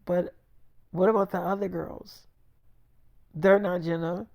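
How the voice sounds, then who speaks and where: A woman's voice: fairly low pitch, fairly even intonation, measured pace, gravelly, warm tone, no echo. A storyteller voicing a bold, pushy young pregnant girlfriend who talks bluntly and pleads her case. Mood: insistent.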